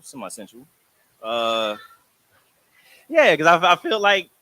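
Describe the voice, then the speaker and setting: A man performing sensual spoken word poetry with a smooth, slow, sensual delivery. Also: a little high, bright, forceful tone, no echo. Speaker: performing poet.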